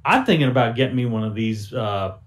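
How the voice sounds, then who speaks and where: A man voicing an easygoing man with a slow, relaxed drawl. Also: medium pitch, natural voice. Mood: pleased.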